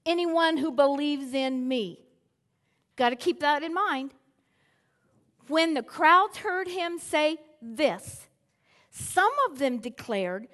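A middle-aged woman preaching a sermon, telling the story in a lively way and acting out chants and voices. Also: high-pitched, slow. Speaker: pastor.

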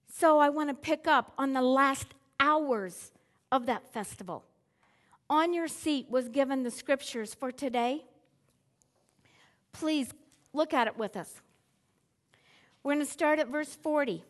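High-voiced woman preaching slowly. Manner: animated storytelling, acting out chants and voices. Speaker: pastor. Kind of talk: sermon.

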